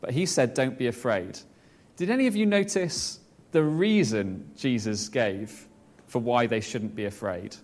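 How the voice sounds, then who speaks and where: Encouraging pastor giving a kids' talk. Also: male voice, mid-range voice, lively intonation, a little slow, darkish tone. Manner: encouraging, praising the children. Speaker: pastor leading a children's talk. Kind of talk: children's talk in church.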